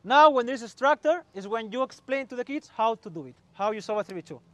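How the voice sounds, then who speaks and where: High-voiced man coaching on a pitch. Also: expressive, fast talker, sharp tone, no room sound. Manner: short commands, calls out to players, mixes in Spanish. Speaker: football coach. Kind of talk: on-field coaching demonstration.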